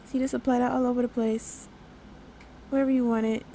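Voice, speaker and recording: A woman's voice: a little high, level tone, quick pace, dark tone, slight background noise. A young woman chatting casually over her nail art tutorial, upbeat and full of fillers.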